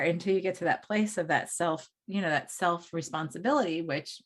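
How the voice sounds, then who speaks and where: A woman's voice: fairly low pitch, a little fast. A middle-aged woman co-hosting a spiritual podcast, talking casually and musing aloud with many restarts. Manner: rambling, restarts thoughts, muses aloud. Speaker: podcast co-host and coach.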